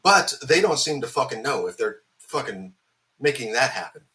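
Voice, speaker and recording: Man, hung over, angry profane film rant, rambling, bright edgy voice. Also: medium pitch, big pitch swings, normal speed. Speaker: film reviewer. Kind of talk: ranting film review.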